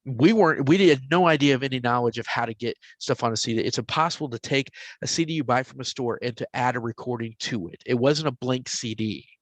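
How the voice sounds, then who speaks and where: A podcast host in his forties tells a story casually and conversationally, his voice at an ordinary middle pitch. He speaks fast with hardly any pauses, growing animated at exciting moments and dropping to a hushed whisper when quoting voices, in a dry, close recording with no room sound.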